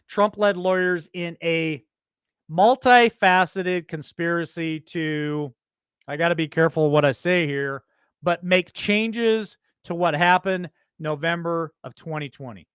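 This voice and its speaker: Guy reading headlines on his show then ranting, smooth clear voice, kinda high, dry close mic. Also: dry recording. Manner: reads headlines then breaks off into loud indignant rants. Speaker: host reading and commenting on headlines. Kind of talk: opinionated news commentary show.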